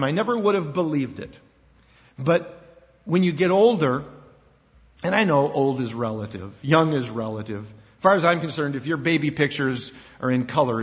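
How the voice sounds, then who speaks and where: Older male pastor preaching in a reverberant hall. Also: on the high side. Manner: animated, acts out quoted voices, repeats words. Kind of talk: sermon. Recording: dull sound with long hall reverb.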